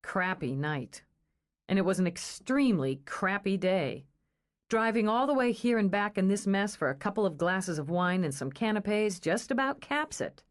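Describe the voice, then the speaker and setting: A woman's voice: medium pitch, animated, moderate pace, lightly acted. A woman reading an audiobook, voicing a blunt, wry, irritable young librarian.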